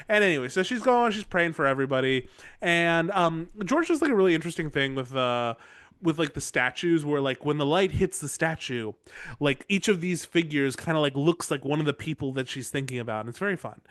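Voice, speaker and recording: A man's voice: on the high side, fairly bright tone, no echo, studio quality. A man hosting a podcast, recapping a book chapter in casual chat, rambling, playful and profane. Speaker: podcast host.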